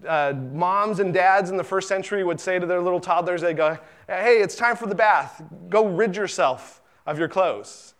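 A middle-aged male pastor gives a sermon in an easygoing, talky manner, with a voice that sits a little high for a man. He restarts and repeats words, then throws himself into quoted lines. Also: fairly bright tone.

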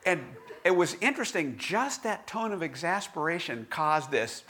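A man giving a conversational devotional talk in a candid, self-deprecating storytelling manner, with halting restarts. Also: high voice, sing-song, sharp tone. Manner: halting restarts and filler words.

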